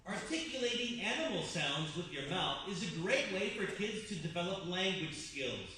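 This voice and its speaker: A man giving clear, upbeat, scripted instructions for a toddler movement class. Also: high voice, very animated, normal speed, sharp tone, distant mic. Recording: echoey room, away from mic.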